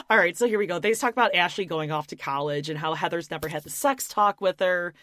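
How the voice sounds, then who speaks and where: A woman's voice: on the low side, normal speed, no echo, studio quality. A woman co-hosting a podcast, recapping a reality show in blunt, mocking casual chat. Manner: blunt, animated and mocking, with lots of swearing and laughter. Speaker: podcast co-host.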